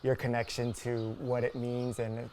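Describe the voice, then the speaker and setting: A man's voice: medium pitch, flat delivery, moderate pace, darkish tone, slight background noise. Thoughtful man hosting a farm visit. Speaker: show host. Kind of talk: casual interview. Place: outdoors on a farm.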